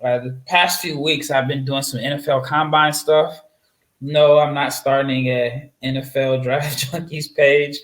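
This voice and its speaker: A man's voice: medium pitch, little pitch movement, measured pace, a bit bright. A man from Nebraska, a guest draft analyst, telling a long story in casual interview chat with lots of fillers and restarts. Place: home setup, away from his usual mic. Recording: roomy echoey sound.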